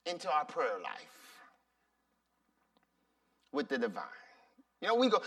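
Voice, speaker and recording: Male pastor preaching, high and lively voice, bright tone, slow and deliberate, mic set at a distance. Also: creaky. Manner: slow, deliberate and emphatic, with repetitions. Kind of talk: sermon.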